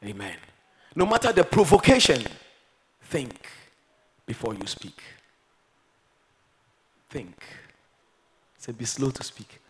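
A man preaching a sermon, moving between quiet, reflective passages and loud, emphatic exhortation. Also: mid-range voice, big pitch swings, measured pace, pauses often, low-quality recording. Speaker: pastor.

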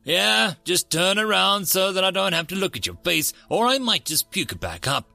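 A man's voice: high-pitched, sing-song, measured pace, creaky, pushed and bright, no echo, soft background music, pitched above the performer's own voice, exaggerated voice. A man voicing a defiant, crude captured human prisoner who taunts his interrogator. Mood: taunting.

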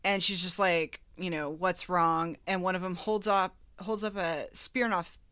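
A woman co-hosting a podcast, retelling film scenes in a lively, chatty way, full of "like" and laughs. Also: on the low side, normal speed, clean tone, dry recording. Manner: animated storyteller, frequent "like", laughs. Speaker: podcast co-host. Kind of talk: casual chat.

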